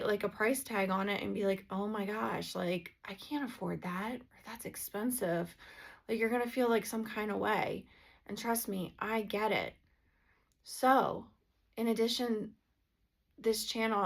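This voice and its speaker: A woman's voice: mid-range voice, gravelly. A woman and energy healer talking earnestly in a casual, heartfelt vlog, with plenty of filler "like"s.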